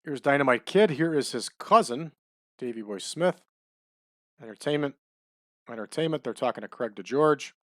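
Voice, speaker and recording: A man giving relaxed, chatty commentary over a wrestling management game, adding trivia as he goes. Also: medium pitch, normal speed, dry recording, clean studio sound. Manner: laid-back, chatty, adds wrestling trivia.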